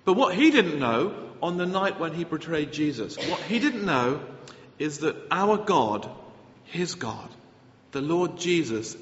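Man, preacher, lively sermon, earnest, echoey church hall, slightly muffled. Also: a little high, a little hiss or hum. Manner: earnest, animated, with frequent restarts. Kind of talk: sermon with Bible reading.

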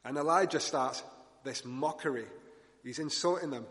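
A man preaching a sermon in a conversational, animated way, making asides to the congregation and acting out the lines he quotes. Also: on the high side, normal speed. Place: church hall with congregation. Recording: long hall reverb.

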